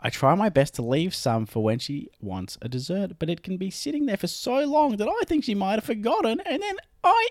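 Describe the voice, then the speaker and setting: A man putting on a squeaky, whiny sweet-tooth guy. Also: very animated, brisk, few pauses, no room sound, clean studio sound.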